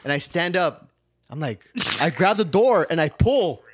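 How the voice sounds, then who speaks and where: A man's voice: on the high side, sing-song, measured pace. Profane young man telling a wild story. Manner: profane, laughing storyteller who acts out his own lines. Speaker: podcast co-host. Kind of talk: casual storytelling chat.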